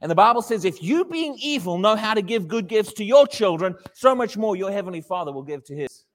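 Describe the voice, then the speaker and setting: A man preaching a sermon to a congregation, animated and questioning his listeners, often acting out little dialogues. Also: sits high, fairly quick, big-room sound.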